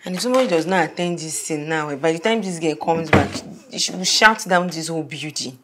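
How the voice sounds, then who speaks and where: A Nigerian actress playing an anxious, apologetic young roommate who pleads and explains in a hurry. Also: female voice, sits low, brisk, background noise, lightly acted. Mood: worried. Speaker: actress in a film. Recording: film soundtrack with clear music.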